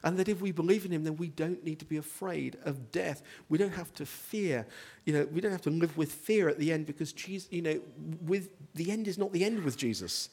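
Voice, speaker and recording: A man's voice: a little high, moderate pace, few pauses, a little mellow, husky. A man preaching a sermon, earnest, building to emphatic rhetorical questions.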